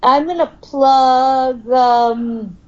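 A woman's voice: high voice, steady tone, drawn-out words, a little mellow, dull audio. A woman in her thirties, a podcast co-host in casual chat, blunt and swearing, laughing often. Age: 30s.

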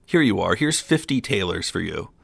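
A man's voice: deep voice, lively intonation, normal speed, creaky, fairly bright tone, husky, no echo, full character voice. A man voicing a stern, exasperated father who scolds his foolish son.

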